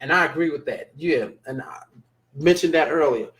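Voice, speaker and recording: A man's voice: a little high, normal speed, fairly bright tone. A man hosting a casual live-stream show, talking emphatically and repeating phrases for stress as he reads viewer comments.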